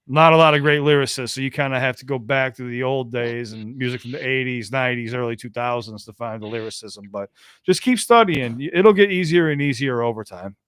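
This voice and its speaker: An American man talks on a podcast with a smooth, resonant voice in a middle register. He chats easily with a caller, loose and talkative, and leans on fillers and restarts. The sound is dry and close. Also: mid-range voice, a little fast, fairly bright tone, dry recording. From United States. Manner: chatty and easygoing, many fillers and restarts. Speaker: podcast co-host. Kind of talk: casual podcast chat with a caller.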